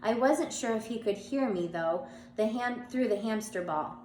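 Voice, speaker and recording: A woman's voice: a little high, lively intonation, normal speed, darkish tone. A woman reading a children's chapter book aloud with small slips and restarts, voicing the characters as she goes, a bit stuffy from allergies and coughing now and then. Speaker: reader. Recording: echoey room, faint background hum.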